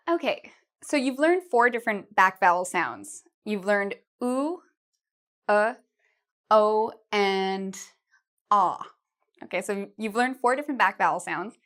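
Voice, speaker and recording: In a mid-range, somewhat bright voice, a woman gives an English pronunciation lesson to camera. She patiently and slowly models vowels and words for learners to repeat, exaggerating her mouth shapes.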